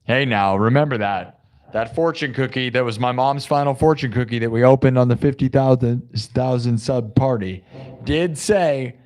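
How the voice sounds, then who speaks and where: A man's voice: medium pitch, moderate pace, a little mellow. A man hosting a music livestream, rambling and joking casually with his chat. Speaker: livestream host.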